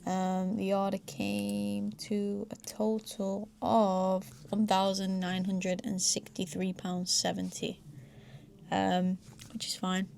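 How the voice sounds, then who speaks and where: British woman, 20s, casual vlogger, mid pitch, slight room hum. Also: monotone, slow pace, gravelly, a little mellow. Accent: British English. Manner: chatty, easily distracted, swears casually, coos at her dog. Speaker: vlogger, small business owner. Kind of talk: casual vlog chat. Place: small home office indoors.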